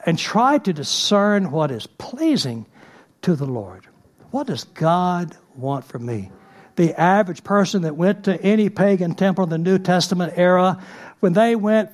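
A man's voice: a little high, moderate pace, a little mellow. A man giving a sermon in a conversational way, with many fillers and restarts. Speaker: preacher.

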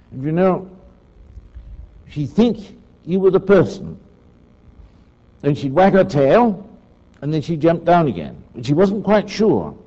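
A man's voice: fairly high pitch, warm tone. Older man talking chattily, dull recording. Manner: chatty, asks the listeners for agreement. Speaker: speaker giving a talk. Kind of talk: rambling talk with asides.

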